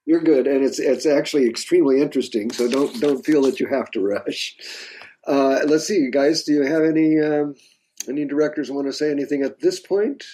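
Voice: mid-range voice, fairly quick, dark tone, low-quality recording. A board chair running a public meeting, easygoing and encouraging, with some stammered restarts.

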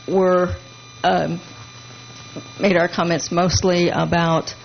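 A woman council member giving a halting report at a public meeting, with many fillers and restarts. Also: fairly low pitch. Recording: muffled meeting room audio with hum.

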